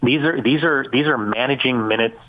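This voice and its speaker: A man calling in as a soccer analyst, talking things through in an analytical, measured way with frequent fillers. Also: mid-range voice. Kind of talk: radio phone interview. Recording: tinny phone line.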